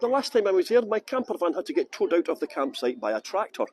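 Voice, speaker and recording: A man's voice: high-pitched, big pitch swings, fast talker, darkish tone, rough recording. A middle-aged Scottish man guiding a live-streamed tour outdoors, chatting and joking as he greets viewers by name. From Scotland. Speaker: tour guide.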